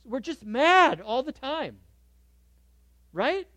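Animated high-voiced male preacher. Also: very slow, no room sound. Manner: animated and emphatic, swinging from loud bursts to soft asides. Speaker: pastor. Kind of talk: sermon.

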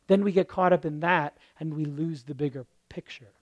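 Hoarse preacher swinging hushed to loud. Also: male voice, a little high, moderate pace, no echo, lo-fi sound. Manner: dramatic, swings between hushed murmurs and loud emphatic bursts; rhetorical questions in long runs. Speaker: pastor. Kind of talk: sermon.

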